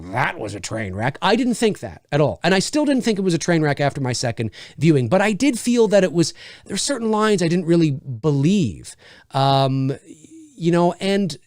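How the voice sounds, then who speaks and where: Lively, expressive man reviewing a film. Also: sits high, no room sound, studio quality. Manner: thinks aloud, restarting his sentences.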